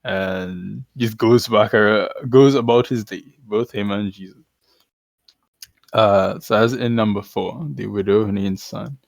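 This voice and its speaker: A man's voice: on the low side, fairly even intonation, unhurried, creaky, dry recording. A man casually retelling stories on a podcast, irreverent and slangy, laughing as he goes. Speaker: podcast co-host. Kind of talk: casual chat.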